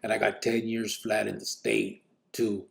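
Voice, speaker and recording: Profane gravelly man, blunt storytelling. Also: on the low side, big pitch swings, unhurried. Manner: blunt and profane, lots of "you know what I'm saying". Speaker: host telling his life story on a live stream. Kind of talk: casual live-stream storytelling.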